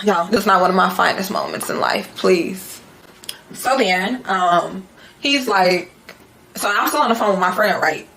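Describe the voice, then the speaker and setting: A young woman vlogger telling a story in a casual, animated way, full of slang and swearing. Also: mid-range voice, normal speed, vocal fry, slight background noise. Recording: echoey room.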